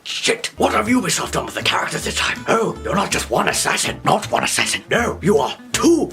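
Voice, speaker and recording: A man's voice: high voice, very animated, brisk, vocal fry, music in the background. A young British man from England doing a comedic, sweary game review, rambling off on tangents and bursting into song.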